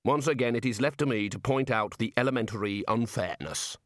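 A man's voice: medium pitch, fairly quick, dry recording, studio quality, natural voice. A man voicing a haughty, squabbling old male wizard who speaks in a pompous, indignant way.

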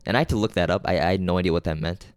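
A man's voice: low-pitched, rapid-fire, smooth, dry recording, soft background music. A man hosting a casual solo podcast, rambling through a movie recap with lots of fillers, restarts and swearing, and often losing track of names. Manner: offhand and unpolished, losing names mid-sentence. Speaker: podcast host reviewing movies.

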